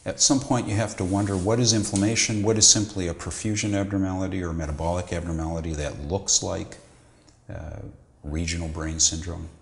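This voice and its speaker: A middle-aged man with a deep, low voice explains medical ideas in a measured, lecturing way. He pauses and restarts now and then as he builds his points. The room around him is echoey. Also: steady tone, gravelly. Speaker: psychiatrist guest. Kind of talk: explanatory interview answers.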